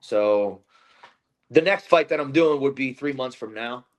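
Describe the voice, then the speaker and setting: Intense, profane bare-knuckle fighter. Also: male voice, medium pitch, unhurried. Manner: intense, profane trash talk with many fillers and restarts. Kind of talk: casual post-fight interview.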